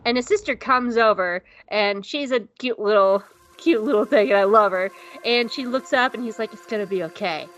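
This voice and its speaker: A woman co-hosting a podcast, casually recapping an episode and acting out the characters in quick mock voices. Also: on the high side, a bit bright. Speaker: podcast co-host.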